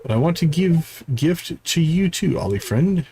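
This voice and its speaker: An eager, excitable newcomer who speaks in short, broken sentences, pitched a little higher and swinging lively up and down, as a man reads it out. The halting grammar gives it an earnest, innocent feel. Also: a little hiss or hum. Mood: excited. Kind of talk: reading game dialogue aloud in voices.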